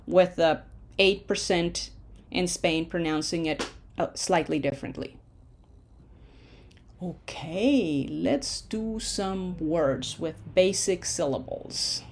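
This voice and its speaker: A woman's voice: on the low side, slow pace, darkish tone. A woman teaching a Spanish pronunciation lesson, stretching out model words with long vowels and asking and answering her own questions.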